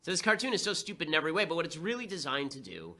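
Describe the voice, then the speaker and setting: A young man delivering a fast, sarcastic, combative political commentary monologue. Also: a little high, huge pitch swings, bright, forceful tone.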